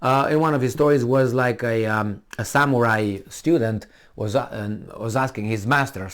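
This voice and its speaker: A man's voice: medium pitch, normal speed, few pauses, a bit bright. Heated, profane man ranting. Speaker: commentator. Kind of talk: opinion rant.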